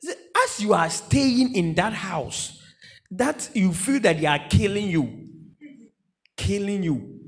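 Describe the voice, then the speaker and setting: High-voiced preacher. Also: male voice, slow, pauses often. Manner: animated, repetitive, bursts into shouts and laughter. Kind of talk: humorous sermon.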